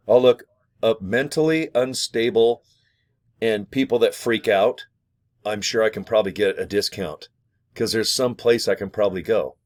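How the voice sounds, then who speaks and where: A man talking to camera in a jokey, rambling way while pitching an affiliate program from his small home studio. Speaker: vlogger promoting an affiliate program. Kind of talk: casual rambling sales talk to camera.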